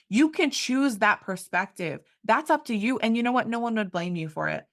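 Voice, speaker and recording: A woman's voice: on the high side, expressive, normal speed, hardly any pauses. A woman in her thirties hosting a heartfelt interview, gushing and effusive, with lots of "like" and "you know". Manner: effusive, gushing, filler-heavy. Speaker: interview host.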